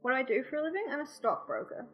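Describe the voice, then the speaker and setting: Chatty New Zealand woman, higher voice. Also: animated, rapid-fire, slightly rough, dull audio, faint music behind. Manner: chatty, self-deprecating, many "like" fillers. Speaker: guest streamer. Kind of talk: casual podcast chat.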